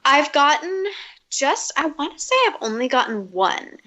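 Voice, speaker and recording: A young adult woman chatting as a podcast guest, upbeat and talkative with quick asides. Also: high-pitched, sing-song, pushed and bright, dull audio. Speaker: podcast guest, comedic video creator. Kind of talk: casual podcast chat.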